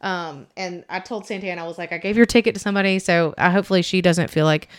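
A woman's voice: fairly low pitch, fast, clear, resonant tone, dry recording, clean studio sound. A woman, co-hosting a podcast and telling a rambling, chatty story full of "like" and acted-out quotes. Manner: rambling, chatty, heavy use of "like", acts out quotes. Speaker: podcast co-host. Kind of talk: casual chat, storytelling.

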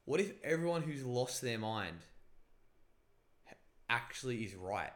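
A man's voice: mid-range voice, unhurried. A man in casual chat, animatedly telling a story and musing about whether reality is fake. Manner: animated storyteller, acts out voices.

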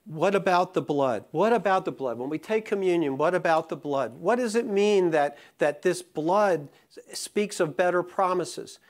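A pastor preaching a sermon, somewhat high voice. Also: male voice, normal speed. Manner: conversational, rising to impassioned emphasis; many fillers and restarts in the calmer parts.

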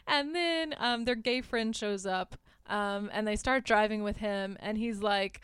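A young adult woman hosting a podcast, recapping a horror film in a casual, animated way, laughing often and swearing freely. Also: on the high side, normal speed, few pauses, smooth, no echo, clean studio sound. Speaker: podcast host.

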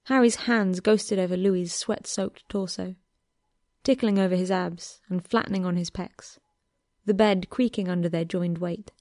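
Slow-reading woman narrator. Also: on the low side, fairly even intonation, a little mellow, no echo, studio quality. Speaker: reader. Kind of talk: reading fan fiction aloud.

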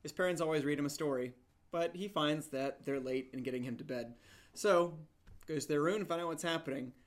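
A man's voice: on the high side, a little fast. A man on a podcast panel, telling a bawdy joke and laughing along at his own lines. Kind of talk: casual podcast chat, telling a crude joke.

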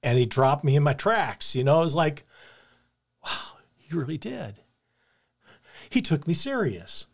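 A man's voice: a little high, sing-song, a little slow, vocal fry, pauses often. An older man, earnest and reflective, telling a personal story about faith and loss. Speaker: podcast co-host.

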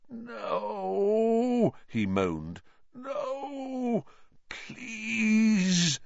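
A man reads a story aloud at an unhurried, dramatic pace. His voice rises and falls widely as he builds tension. The recording is dry and slightly dull, like a home lo-fi setup. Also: fairly low pitch, no room sound. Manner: slow, dramatic, expressive narration. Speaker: narrator. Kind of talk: storybook reading.

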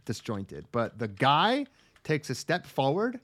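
A man's voice: mid-range voice, huge pitch swings, takes it slowly, fairly bright tone. A man co-hosting a podcast, recapping an anime in a rambling, crude, casual way with lots of ums and restarts. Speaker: podcast co-host.

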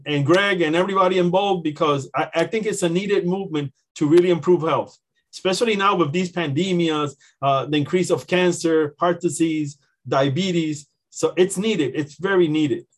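An enthusiastic man speaking with halting restarts about joining a health movement. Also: a little high.

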